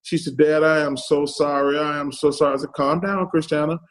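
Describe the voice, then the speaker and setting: Middle-aged man, podcast guest who tells stories in quoted dialogue, voice pitched slightly high. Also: completely flat delivery, brisk, rough recording. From Alabama, US. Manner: retells stories in quoted dialogue, keeps repeating "I said". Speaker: podcast guest, former pro athlete. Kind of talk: casual storytelling.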